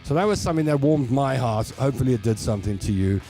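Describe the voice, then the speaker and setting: A man's voice: medium pitch, expressive, fast, mellow, faint music behind. A man with a South African accent hosting a show, telling rambling personal stories in a casual way. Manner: chatty, rambling anecdotes with repeats. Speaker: show host. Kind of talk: casual storytelling.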